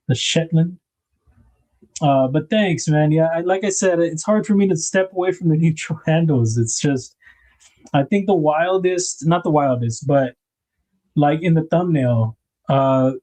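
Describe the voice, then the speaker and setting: A man's voice: a little high, a little slow, pauses often, warm tone. A man hosting a casual livestream, rambling about knife design and greeting viewers in the chat by name.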